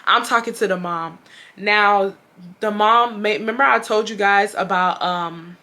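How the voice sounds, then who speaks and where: A woman's voice: mid-range voice, a little slow. A young woman from Houston with a Texas accent, telling a story to camera in a casual, slangy, profane way and acting out the quotes. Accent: Southern US, Texas. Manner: animated, profane, slangy, acts out quotes loudly. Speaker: storytime vlogger.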